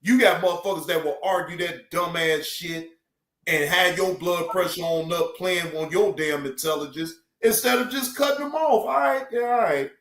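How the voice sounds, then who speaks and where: Male live-stream host, high-pitched, animated and profane, roomy sound. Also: moderate pace. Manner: animated, loud laughter, profane. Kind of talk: casual live-stream chat.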